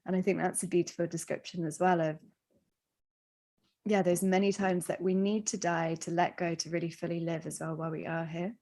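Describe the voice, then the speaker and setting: A woman in a reflective podcast conversation, telling a story in a gentle, thoughtful, measured way. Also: fairly low pitch, steady tone.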